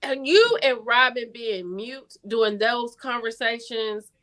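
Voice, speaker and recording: Chatty woman, says like a lot, bright high voice. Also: animated, a little slow. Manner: chatty, agreeing often, with many "like" fillers. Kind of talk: casual chat.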